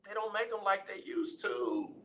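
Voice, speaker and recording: A man running a sports talk radio show in a high, bright voice. He teases the fans and preaches at them in loud, playful banter. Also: animated, normal speed, creaky. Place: radio studio.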